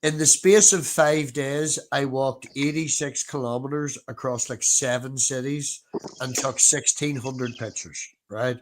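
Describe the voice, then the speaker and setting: An Irish man on a livestream panel, chatting and telling stories in a profane, animated way. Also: medium pitch, unhurried. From Ireland. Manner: profane, animated, talks over others. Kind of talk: casual chat and storytelling.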